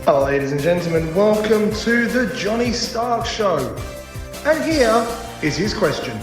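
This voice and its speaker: Guy doing a big showy game show host voice, lively, lots of reverb. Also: high voice, measured pace, voice pushed up. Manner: grand, showy announcing. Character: booming male game show announcer. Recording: echoey hall jingle with music.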